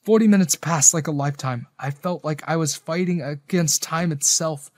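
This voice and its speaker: Male storyteller, first-person romance narration, earnest, emotional, slightly high voice, dry close recording. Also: moderate pace, no echo.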